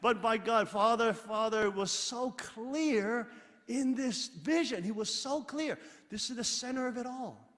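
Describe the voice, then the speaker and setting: Middle-aged male pastor, high voice, emphatic sermon delivery, long hall reverb. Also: measured pace. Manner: emphatic, swings between loud exclaiming and quiet asides; leads the congregation in reading scripture aloud.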